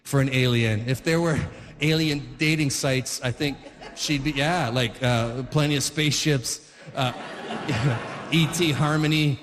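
A man's voice: medium pitch, steady tone, a little slow, long reverb tail. A man in his forties telling a rambling stand-up story, full of fillers and restarts. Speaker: stand-up comedian. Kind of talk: stand-up comedy routine.

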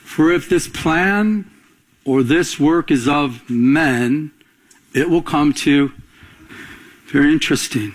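A middle-aged man preaching a radio-broadcast sermon, asking the congregation to fill in words and telling quick stories. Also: a little high. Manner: call-and-response preaching, quick anecdotal storytelling. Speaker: pastor.

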